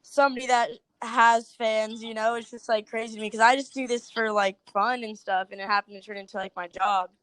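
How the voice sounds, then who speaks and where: A woman's voice: on the high side, steady tone, fairly quick, few pauses, fairly bright tone, dry recording. A woman, a social media creator, chatting casually as a podcast guest, filling her talk with "like". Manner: chatty, heavy use of "like".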